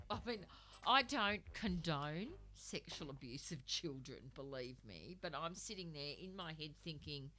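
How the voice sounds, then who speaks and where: A woman's voice: low-pitched, bright, forceful tone. A middle-aged woman, a radio guest, telling a story animatedly with laughter and swearing. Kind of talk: casual storytelling chat.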